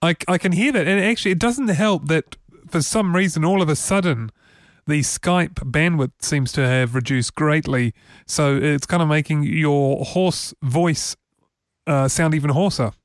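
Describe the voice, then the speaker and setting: A man's voice: fairly high pitch, measured pace, no room sound. A man hosting a casual tech podcast from a studio, talking in a loose, chatty way with frequent restarts. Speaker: podcast host.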